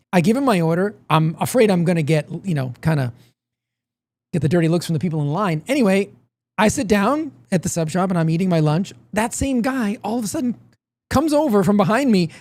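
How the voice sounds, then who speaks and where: A man's voice: high voice, animated, normal speed, a little mellow, dry recording. A man, a show guest, chatting casually and telling a long anecdote with many restarts. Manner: rambling, laughs often, self-correcting. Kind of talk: casual chat, storytelling.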